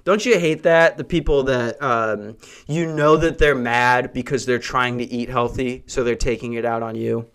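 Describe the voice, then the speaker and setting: A man's voice: mid-range voice, fairly even intonation, normal speed, a bit bright, clear, resonant tone. A man hosting a solo comedy podcast from a house, ranting in a crude, profane and self-mocking way. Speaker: podcast host. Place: hot brick house.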